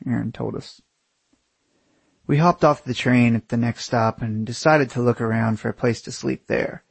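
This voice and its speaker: Male narrator, husky and unpolished, swearing freely with sarcastic asides; dry, close sound. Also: mid-range voice, fairly even intonation, moderate pace, no room sound. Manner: profane, sarcastic, conversational. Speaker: storyteller. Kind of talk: casual spoken storytelling.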